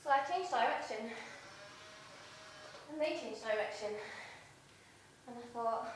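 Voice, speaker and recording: A woman with a Wigan accent giving a halting, conversational theatre monologue from a stage, with many pauses. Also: on the high side, lively intonation. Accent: Wigan, northern English. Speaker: stage performer. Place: arts centre theatre stage. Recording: echoey hall from far off, faint hiss.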